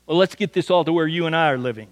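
A man preaching a sermon, his voice sitting fairly high. He talks in a homely, folksy way and keeps tripping over repeated words as he goes. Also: racing, long reverb tail. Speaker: pastor.

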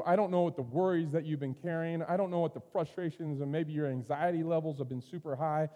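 Earnest preacher guy, slightly high voice, goes loud then soft, big echoey church. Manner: earnest, swings from loud urging to quiet. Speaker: pastor. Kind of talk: sermon. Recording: long reverb of a hall.

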